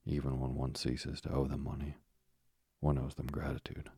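A man's voice: rumbling low, completely flat delivery, normal speed, gravelly, dark tone, slightly rough, no echo, full character voice. A man voicing an earnest, generous young sailor son in a storybook reading.

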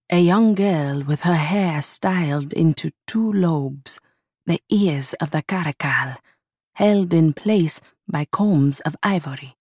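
A woman narrating a scripted story in a lyrical, measured way. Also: deep voice, a little mellow, dry recording, studio quality.

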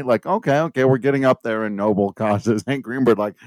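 A man's voice: mid-range voice, fairly quick, hardly any pauses, darkish tone, no echo. A man co-hosting a podcast, chatting casually with wry jokes and asides. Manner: joking, wry asides, reads from notes. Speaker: podcast co-host. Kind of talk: casual chat.

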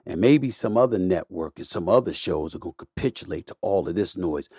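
A middle-aged man hosting a podcast, delivering an impassioned, emphatic monologue that swings between loud and quiet and repeats his points with the odd curse. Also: sits low, lively intonation, brisk, breathy edge, no echo, clean studio sound. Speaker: podcast host.

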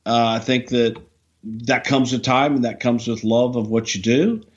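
An older man speaks bluntly and dryly, with a teasing edge, in a relaxed podcast chat. His voice comes through a dull, slightly lo-fi line and sits at an ordinary pitch. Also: normal speed. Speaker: co-host, wrestling veteran.

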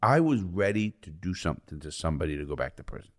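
Here's a middle-aged American ex-con on a podcast, telling profane, no-nonsense stories with a sing-song lilt at a quick pace. He keeps swearing, flipping between loud outbursts and low, quiet side comments.

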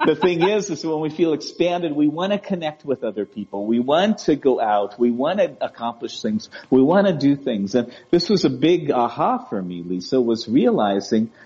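A man talks gently as an interview guest, in a warm, relaxed voice. He often stumbles over and repeats his words, and he keeps checking in with his listener. The audio sounds dull and lo-fi. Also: medium pitch, moderate pace, few pauses. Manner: gentle, repeats and restarts words, often asks "right?" and "you know?". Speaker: guest speaker on emotional wellbeing. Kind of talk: conversational interview.

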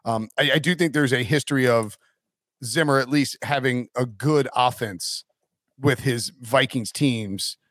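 A man's voice: mid-range voice, a little slow, fairly bright tone, no room sound, clean studio sound. A man hosting a casual sports talk show, rambling with many fillers and restarts. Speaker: podcast host.

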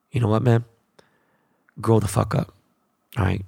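A young man hosting a sports podcast, ranting bluntly with constant profanity in a casual, animated way. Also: fairly low pitch, a little slow, vocal fry, long pauses, husky, no room sound, studio quality. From Los Angeles. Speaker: podcast host.

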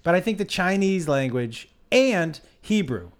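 A comedian co-hosting a podcast, talking in a loose, profane, jokey way. His voice sits a little high for a man and swings all over, lively and expressive. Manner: animated, swearing, quick to laugh. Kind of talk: casual comedy podcast chat.

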